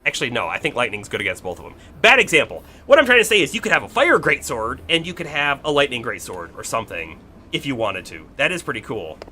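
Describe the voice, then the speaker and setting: A man's voice: mid-range voice, sing-song, fast talker, bright, forceful tone, slight background noise. A man streaming a video game, rambling casually and correcting himself as he goes. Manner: rambling, self-correcting, laughs often. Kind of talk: casual gameplay commentary.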